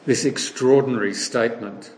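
A man's voice: mid-range voice, fairly even intonation, normal speed, darkish tone. Storytelling male preacher in an echoey hall. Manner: storytelling, acts out quoted voices. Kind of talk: sermon.

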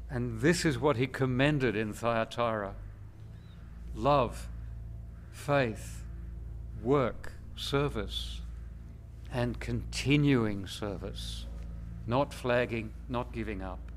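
A man preaching a sermon in a slow, measured, emphatic way, with long pauses between phrases. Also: mid-range voice, a little hiss or hum.

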